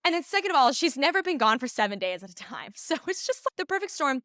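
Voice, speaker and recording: Woman, twenties, podcast co-host; lively storyteller, higher voice, acts out every quote. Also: quick pace, dry recording, studio quality. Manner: animated storyteller, acts out quotes, laughs often. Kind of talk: casual chat, storytelling.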